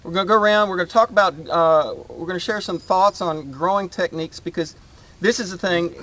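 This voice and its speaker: A man's voice: high voice, fairly bright tone. A man hosting his homestead channel, chatting casually outdoors in his garden and rambling with lots of fillers. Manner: rambling, halting with many fillers.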